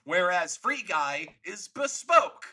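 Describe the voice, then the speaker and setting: A man's voice: high-pitched, big pitch swings, takes it slowly, bright, forceful tone. A man co-hosting a podcast, talking about a film in a rambling, enthusiastic, casual way. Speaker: podcast co-host. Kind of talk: casual movie review chat.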